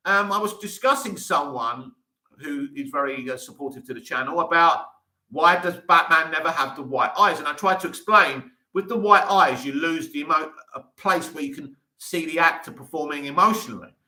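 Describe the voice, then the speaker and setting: A man chats casually on a live stream, answering viewer comments with eager enthusiasm and plenty of restarts. His voice is bright and forceful, sitting a little high. The room around him is echoey. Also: normal speed. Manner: enthusiastic, talks in restarts and asides. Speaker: livestream host reading viewer comments.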